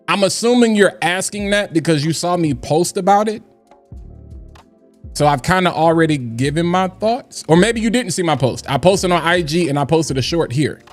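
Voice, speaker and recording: A man hosting a casual livestream chat, loud and playful, shouting out people in the chat and often asking "you know what I'm saying". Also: high-pitched. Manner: hype, animated, shouts out chat names; loud, playful, breaks into singing and scatting. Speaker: livestream host.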